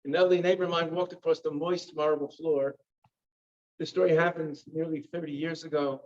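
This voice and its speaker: A man's voice: a little high, little pitch movement, a little fast, darkish tone. A man telling stories to a synagogue audience, vivid and theatrical with wry asides. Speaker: guest speaker. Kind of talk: dramatic storytelling talk. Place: synagogue hall. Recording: dull lo-fi recording.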